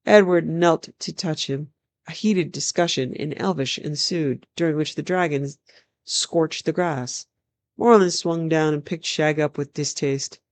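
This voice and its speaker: Dry, measured storybook reader. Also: medium pitch, dry recording. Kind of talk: reading a fantasy novel aloud.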